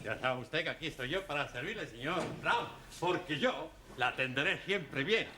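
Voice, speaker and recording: A man's voice: fairly high pitch, lively intonation, natural voice. A man playing a fawning Spanish student. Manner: fawning, rapid Spanish chatter. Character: eager servile Spanish adult student. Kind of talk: 1970s TV sitcom acting. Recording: noisy old TV broadcast.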